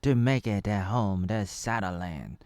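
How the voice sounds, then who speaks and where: A man in his thirties from Oregon, reviewing an episode in a loose, jokey ramble packed with fillers. His voice is warm and mellow. The sound is dry and close, with no room echo. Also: fairly low pitch, unhurried, clean tone. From Oregon, United States. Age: 30s. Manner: jokey and rambling, full of fillers and silly asides. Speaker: video reviewer.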